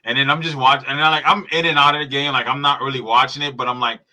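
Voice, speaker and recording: A man on a sports podcast, his voice strikingly bright and sharp, riffing heatedly on a live game. He swears casually and keeps circling back to press his argument. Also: mid-range voice, steady tone, fast. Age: adult parent. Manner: profane, heated sports rant. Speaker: podcast host. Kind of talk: live football reaction chat.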